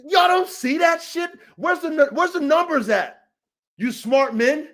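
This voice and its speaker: A man with a high voice for his sex, hosting a dog-training podcast. He rants in a heated, confrontational way, swearing freely and repeating himself for emphasis. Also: expressive, a little fast, a bit bright. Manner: profane, repetitive, confrontational. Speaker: dog trainer and show host.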